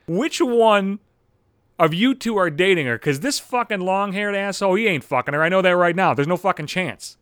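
A man in his thirties tells a comedic story as a foul-mouthed monologue, cursing constantly and building into worked-up rants. His voice is high-pitched, very animated, a little fast, and fairly bright, recorded studio quality with no room sound.

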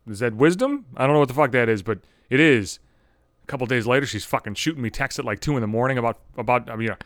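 A man's voice: medium pitch, fast, no room sound, clean studio sound. A man in his thirties telling a personal story as a podcast host, swearing freely and building into exasperated rants. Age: 30s. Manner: animated, swearing, ranting with rising exasperation. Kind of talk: profane personal storytelling monologue.

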